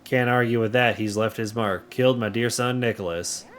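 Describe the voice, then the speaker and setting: A man voicing a sorrowful, reflective frontier mother in a cowboy game, in a slow musing way. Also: fairly low pitch, pushed and bright, slight background noise. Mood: wistful.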